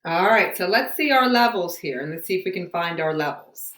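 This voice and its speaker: Woman teacher, bright tone, patient and encouraging, recorded in a roomy home space. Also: on the low side, animated, brisk. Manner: patient, encouraging classroom questioning. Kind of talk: home science lesson to students. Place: home room.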